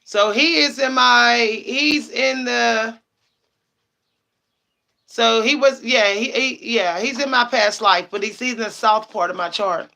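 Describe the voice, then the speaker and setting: A woman's voice: on the high side, takes it slowly, vocal fry, bright, forceful tone. A young woman chatting casually on a livestream as a psychic, laughing often and repeating herself for emphasis.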